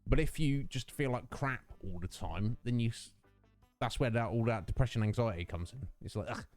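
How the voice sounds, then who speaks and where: A man's voice: mid-range voice, normal speed, darkish tone, soft background music. A young man hosting a casual stream, rambling with lots of fillers and self-mocking asides. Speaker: livestream host. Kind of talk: casual chat with viewers.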